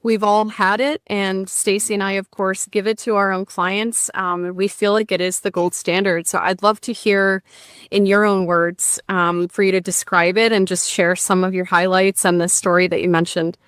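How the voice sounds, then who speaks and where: A woman's voice: mid-range voice, little pitch movement, normal speed, clear, resonant tone, no room sound, clean studio sound. A woman hosting a podcast who is also a therapist, inviting her guest to share his story. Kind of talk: interview questions.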